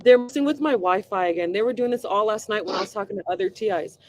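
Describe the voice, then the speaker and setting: A woman with a mid-pitched voice talks loosely on a group video call. She uses slang and apologizes readily. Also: quick pace, darkish tone, dry recording. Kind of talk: casual chat on a group call.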